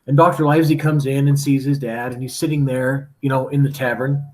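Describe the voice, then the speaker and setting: A man's voice: mid-range voice, little pitch movement, brisk. Male teacher, chatty and informal, retells a story with a mid-range voice. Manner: chatty, lots of "like" and "right?". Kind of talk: casual storytelling to students.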